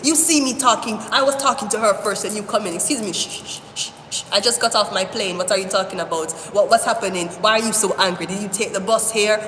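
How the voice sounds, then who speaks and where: A woman's voice: medium pitch, fairly bright tone, natural voice. Woman doing a haughty spoiled rich kid. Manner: haughty, indignant, rapid bickering. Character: arrogant spoiled rich young adult bragging about their father. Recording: echoey room with long reverb, faint hiss.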